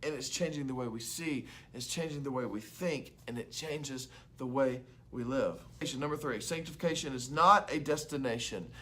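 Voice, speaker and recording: A young man preaching an earnest, conversational devotional sermon to students, slipping into quick acted-out voices. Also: mid-range voice, pushed and bright, slight background noise. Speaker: youth pastor.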